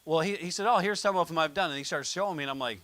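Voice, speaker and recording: Joking American preacher, bright and dry. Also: male voice, a little high, very fast, dry recording. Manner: conversational, jokey preaching with told anecdotes. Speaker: pastor. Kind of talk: sermon.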